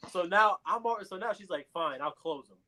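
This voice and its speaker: A young man with a slightly high voice telling a story with plenty of energy. He acts out other people's words as he goes, in relaxed podcast talk. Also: brisk. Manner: animated storyteller, acts out quotes. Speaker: podcast co-host. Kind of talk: casual storytelling.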